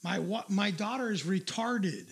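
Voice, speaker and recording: Guy with a high gravelly voice, swearing his way through a story on a stream. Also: a little slow. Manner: profane, ranting, loud asides. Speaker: livestream host. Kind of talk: crude casual storytelling.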